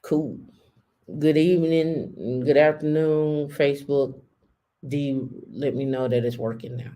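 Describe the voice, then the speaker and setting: Low-voiced woman hosting a live stream. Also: fairly even intonation, takes it slowly, dark tone. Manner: chatty, addresses viewers directly. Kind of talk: casual live-stream chat.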